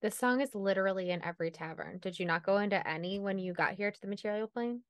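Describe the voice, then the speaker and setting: A woman player chatting at a tabletop game with quick asides. Her voice sounds close and dry. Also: mid-range voice, smooth, dry recording. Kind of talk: casual chat at a game table.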